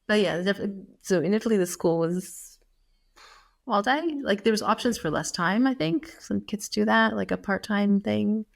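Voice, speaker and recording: Speaking at a medium pitch and a moderate pace, this gravelly-voiced podcast co-host from the United States is in her thirties. Her casual chat is full of filler words and regular laughter.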